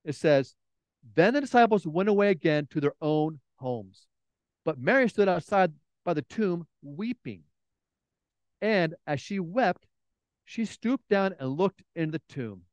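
At a measured pace and in a high voice, a middle-aged pastor preaches on a dry recording. He tells stories throughout the sermon and animatedly acts out the voices of the people involved.

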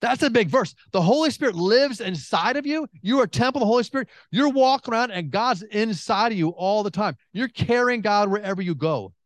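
A middle-aged man preaches with a slightly raised pitch, pressing his points hard. He repeats phrases for emphasis and swings between excited bursts and quiet, intense stretches. The sound is dry and close. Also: brisk, hardly any pauses, dry recording. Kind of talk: sermon.

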